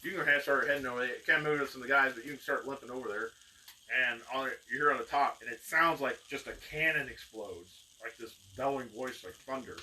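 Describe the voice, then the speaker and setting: Bright-voiced man running a tabletop game. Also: mid-range voice, quick pace. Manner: rambling, filler-heavy narration with acted outbursts. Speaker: game master. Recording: distant mic with faint noise.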